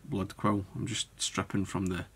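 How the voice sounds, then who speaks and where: A man demonstrating fly tying step by step, talking in a relaxed way as he works with his hands. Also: deep voice, moderate pace, slightly rough. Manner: relaxed, thinking aloud while working with hands. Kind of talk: step-by-step tutorial narration.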